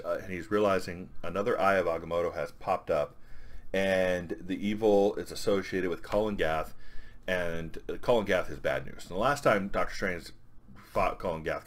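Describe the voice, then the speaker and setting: A man reviewing a comic in a casual, rambling way, with lots of fillers. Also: low voice.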